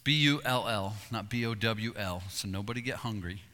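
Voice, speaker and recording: A man preaching a sermon, telling hunting stories with animated delivery and acting out calls and voices. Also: fairly low pitch, normal speed. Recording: long reverb in a hall.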